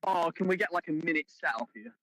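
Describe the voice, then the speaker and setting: A man's voice: on the high side, expressive, quick pace, a bit bright, no echo, low-quality recording. A man co-hosting a stream, chatting casually, probing a guest and coaching him. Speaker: co-host. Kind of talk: casual chat.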